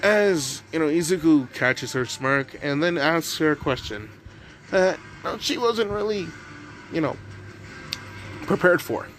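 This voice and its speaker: A man's voice: on the high side, animated, unhurried, fairly bright tone, soft background music. A man improvising a fan story narration, rambling with many fillers.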